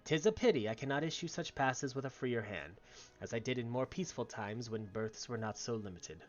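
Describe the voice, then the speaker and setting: A man's voice: medium pitch, animated, brisk, highs cut off, faint music behind, close to an everyday voice. A man voicing a stern female admiral in a video game, speaking in grave, formal, old-fashioned phrasing. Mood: solemn. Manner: grave, formal, archaic speech.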